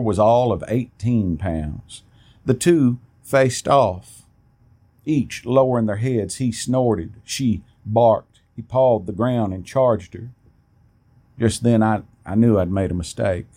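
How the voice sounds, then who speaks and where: A man reading a first-person story aloud in a plain, steady way, with an occasional restart. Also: medium pitch, takes it slowly.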